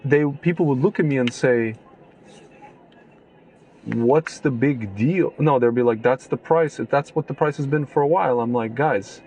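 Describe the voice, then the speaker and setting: A man co-hosting a podcast, chatting casually and ranting with animated, mocking asides. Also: mid-range voice, brisk, few pauses, slight background noise. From Kentucky. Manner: animated, ranting, mock voices. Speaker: podcast co-host. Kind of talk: casual chat.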